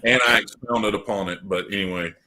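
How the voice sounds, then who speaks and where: A man's voice: on the low side, fairly even intonation, a little fast, pushed and bright. A man co-hosting a casual live chat, joking and playful. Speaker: podcast co-host.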